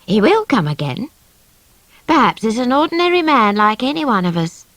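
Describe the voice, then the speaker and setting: Prim old granny always correcting people, woman reading her, highish voice, dry close sound. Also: very animated, normal speed, a bit bright, dry recording, poor audio. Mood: musing. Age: older. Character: genteel, pious elderly grandmother. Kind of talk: audiobook character reading.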